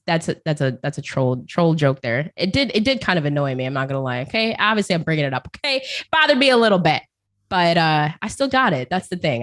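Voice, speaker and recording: A woman's voice: fairly low pitch, a bit bright. A woman guest in a casual interview, rambling and chatty, often laughing and repeating words as she talks about her work as a caster. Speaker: esports caster, podcast guest.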